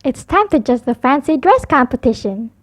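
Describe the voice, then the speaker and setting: A woman's voice: high-pitched, very animated, normal speed. A woman reading children's bedtime stories aloud in a sing-song storytelling manner. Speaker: storybook reader.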